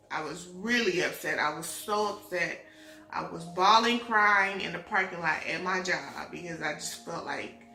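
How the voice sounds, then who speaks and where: A woman's voice: fairly low pitch, creaky, pushed and bright. A young woman emotionally retelling her pregnancy story in a casual vlog, acting out the dialogue as she goes. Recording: echoey room with faint music.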